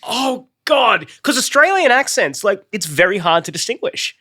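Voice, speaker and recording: Bright, fast-talking excitable man. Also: high voice. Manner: eager, quick and excitable, swears for emphasis. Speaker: podcast host. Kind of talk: casual studio chat. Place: studio.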